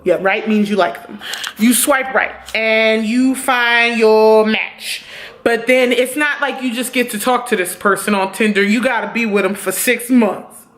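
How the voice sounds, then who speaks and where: A young woman casually reviewing a TV series, talking in animated, profane bursts that swing between loud outbursts and quick asides. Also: on the high side. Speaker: TV review vlogger.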